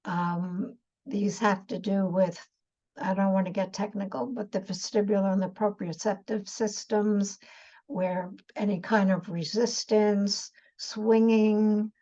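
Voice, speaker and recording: A woman with a mellow, warm tone speaks slowly and calmly, explaining ideas step by step like a therapist teaching parents. She often pauses on fillers and restarts her phrases. The recording sounds a little muffled and lo-fi. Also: mid-range voice. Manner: calm, explanatory, with many fillers and repeated starts. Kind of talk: educational talk.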